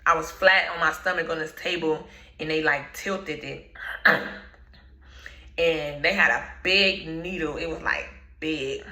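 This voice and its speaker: A woman telling a personal story in slangy, laid-back storytime talk, often clearing her throat. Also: low voice, unhurried, bright, forceful tone, echoey room, rough recording. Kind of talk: casual storytime.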